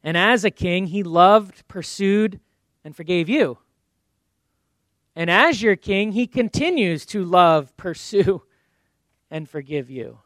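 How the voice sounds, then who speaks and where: A man's voice: high voice, lively intonation, slow pace, long pauses, a bit bright, no echo. A man preaching a sermon in a conversational way, acting out little asides and ending in prayer. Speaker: pastor.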